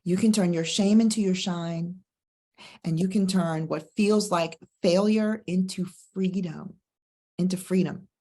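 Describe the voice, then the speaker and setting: A middle-aged woman divorce coach giving a motivational talk and telling a personal story, with slow, stressed, preacher-like phrasing. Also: fairly low pitch, steady tone, dark tone. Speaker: divorce coach, podcast host.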